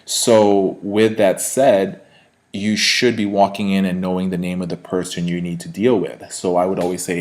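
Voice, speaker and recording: A man's voice: low voice, little pitch movement, normal speed. A man, a sales trainer, giving an instructional talk straight to his viewers in a conversational way, with frequent fillers and tag questions.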